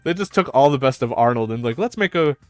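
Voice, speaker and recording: A man's voice: medium pitch, animated, fast talker, no room sound. Guy hosting a chill panel chat, laughs a lot, swears, dry mic, faint music behind. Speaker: host.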